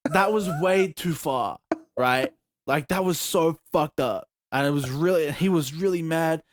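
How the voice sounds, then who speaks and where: A young man co-hosting a podcast, telling a story in animated, swear-heavy casual chat with sudden shouts and laughs. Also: fairly high pitch, a little slow, dry recording, studio quality. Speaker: podcast co-host.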